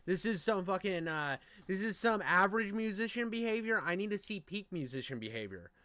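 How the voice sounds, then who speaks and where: A man's voice: high voice, brisk. A man giving crude, mocking reaction commentary on a video, swearing and ribbing the person in it. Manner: mocking, profane, excitable. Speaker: stream host reacting to a video.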